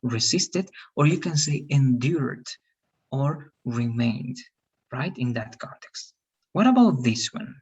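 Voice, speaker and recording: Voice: mid-range voice, animated, slow, a little mellow, husky, highs cut off. An English teacher on a video call, patiently correcting students' pronunciation and encouraging them. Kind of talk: online class feedback.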